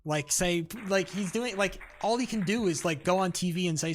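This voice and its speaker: A young male streamer with a high voice rants at a moderate pace in casual livestream chat. He's heated and rambling, swearing often and packing his speech with fillers and restarts, while faint music plays behind him.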